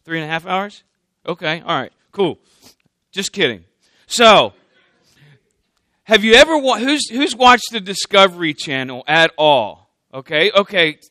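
Brief: high, bright-voiced male preacher, casual and joking with the congregation. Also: clear, resonant tone, dry recording. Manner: joking, conversational, checks in with the congregation. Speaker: candidate pastor preaching. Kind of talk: sermon.

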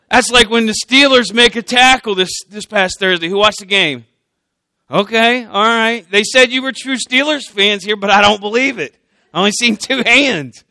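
Joking high-voiced preacher man. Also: moderate pace, sharp tone, no room sound. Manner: joking, conversational, checks in with the congregation. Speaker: candidate pastor preaching. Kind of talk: sermon.

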